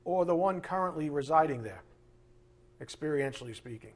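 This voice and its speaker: A middle-aged man preaching with a husky voice, firing off rhetorical questions and swinging from loud outbursts to hushed asides. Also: fairly high pitch, expressive, moderate pace. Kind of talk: sermon.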